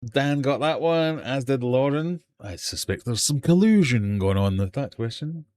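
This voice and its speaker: A man's voice: mid-range voice, animated, normal speed, darkish tone. A man hosting a live online quiz from his home fish room, reading out questions and poking fun at himself. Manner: jokey, self-mocking quizmaster. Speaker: livestream quiz host.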